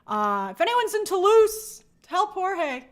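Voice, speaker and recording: A woman's voice: extremely high pitch, very animated, takes it slowly. A woman hosting a livestream, chatting casually and reading viewer comments aloud in an upbeat way. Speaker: livestream host reading chat. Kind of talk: casual live chat.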